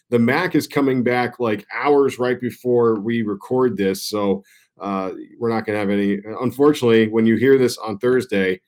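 A man's voice: fairly low pitch, darkish tone. A young man co-hosting a sports podcast, talking loosely and rambling, swearing casually. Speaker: podcast co-host.

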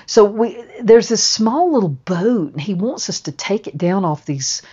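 A woman's voice: mid-range voice, animated, a little slow, mellow, breathy edge, dull audio. A woman telling a personal story in a casual, rambling way, with restarts and swearing.

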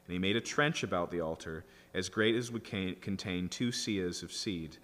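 A man's voice: sits low, normal speed, fairly bright tone. A middle-aged man preaching a sermon, reading scripture aloud and explaining it with dry humor. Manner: expository preaching, reads scripture then comments with mild humor. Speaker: pastor. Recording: long reverb of a hall.

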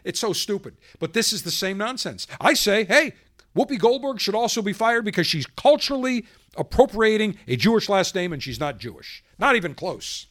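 A man's voice: high-pitched, very animated, moderate pace, a bit bright. A man hosting a podcast, delivering a combative, sarcastic political monologue. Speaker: podcast host.

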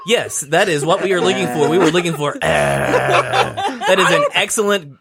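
A quiz host on a comedy podcast, speaking at an ordinary pitch. This host reads questions and awards points in a mock-official, deadpan style. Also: normal speed, a loud crowd. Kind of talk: comedic game hosting.

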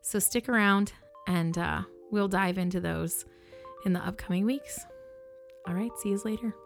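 A woman's voice: mid-range voice, moderate pace, vocal fry, soft background music. A woman who works as an embalmer, earnestly recounting a personal experience in a reflective way with fillers and restarts. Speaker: embalmer and show host. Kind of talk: personal storytelling to camera.

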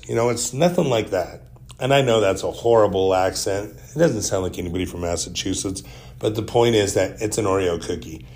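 A man's voice: deep voice, a little fast, darkish tone. A man hosting a solo podcast, telling stories in a rambling, wry and joking way. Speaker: podcast host. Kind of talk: casual solo podcast monologue.

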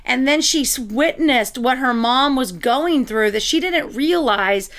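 Female co-host, fairly high voice, eager plot retelling, quick restarts, casual chat. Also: a bit bright. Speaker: podcast co-host. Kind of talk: casual movie review chat.

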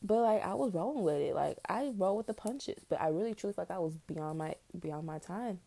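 Blunt, cursing young woman rambling high. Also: lively intonation, brisk, creaky, background noise. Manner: profane, blunt and scattered. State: high on weed. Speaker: podcast host. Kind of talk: casual rambling monologue.

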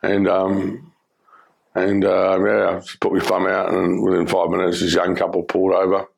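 Gravelly, low-voiced Australian man. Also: monotone. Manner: earnest, halting storytelling with many fillers. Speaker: former criminal telling his life story. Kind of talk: personal testimony.

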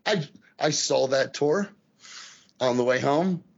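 A man co-hosting a casual wrestling podcast, talking in an animated, profane way and acting out the voices he quotes. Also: mid-range voice, slow pace, creaky, husky, lo-fi sound. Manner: animated, swears a lot, acts out quoted voices. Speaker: podcast co-host.

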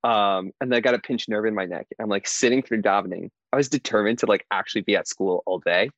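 A man's voice: lowish voice, quick pace, a bit bright, no room sound, muffled recording. Chatty young man telling a story. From Indiana, USA. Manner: chatty, heavy use of "like", laughs often while telling. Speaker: podcast guest. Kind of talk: casual storytelling interview.

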